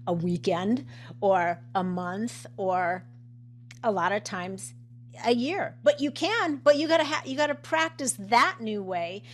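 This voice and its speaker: A woman's voice: mid-range voice, lively intonation, a little slow. Chatty woman coach with many restarts. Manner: chatty, many restarts and fillers, laughs often. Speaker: coach and nutritionist, host. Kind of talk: casual conversation.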